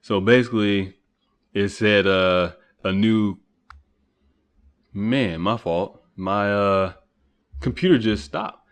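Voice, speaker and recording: A man's voice: lowish voice, slow pace, long pauses, smooth. A man hosting a solo podcast, rambling and swearing casually as he rants. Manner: rambling, profane, ranting, voice rising when heated. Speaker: podcast host. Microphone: computer recording setup.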